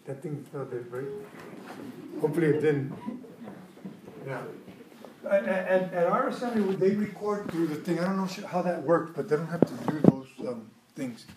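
A man preaching with a high-pitched, expressive delivery, swinging between soft asides and loud acted-out outbursts. His voice carries through a noticeably echoey room. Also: moderate pace, long pauses, heavy background noise. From Mexican background. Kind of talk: sermon.

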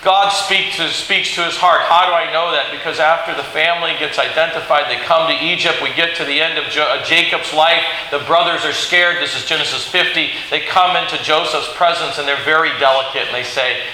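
Echoing preacher man, sharp bright voice. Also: on the high side, a little fast, hardly any pauses. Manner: animated storytelling, acting out biblical quotes. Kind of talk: sermon. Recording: very echoey hall with faint hiss.

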